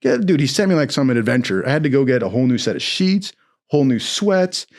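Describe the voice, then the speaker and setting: A man telling a comic story in a casual, profane, animated way. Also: medium pitch, fairly quick.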